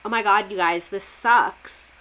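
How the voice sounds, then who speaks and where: A woman mockingly voicing a careless, smug older male president in a breezy, dismissive tone, her voice pushed higher and louder than her usual talk. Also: measured pace. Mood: whiny. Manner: breezy, dismissive, mock-cheerful.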